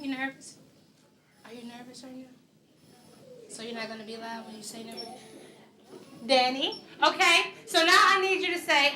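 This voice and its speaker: A woman, a visiting children's author, leading children at a school assembly in an energetic, coaxing, playful way. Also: high-pitched. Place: large echoey school hall with children. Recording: echoey hall, faint crowd of children.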